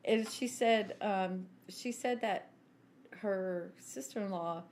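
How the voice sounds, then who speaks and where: A woman co-hosting a podcast, telling a story in an animated, giggly way and acting out the quotes. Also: medium pitch, slow pace, slight background noise. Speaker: podcast co-host. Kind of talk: casual storytelling chat.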